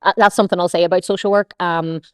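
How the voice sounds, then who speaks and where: Young Northern Irish woman, blunt sweary podcast guest, lowish voice, dry close sound. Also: steady tone, fast talker, no echo. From Northern Ireland. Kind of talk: casual podcast interview.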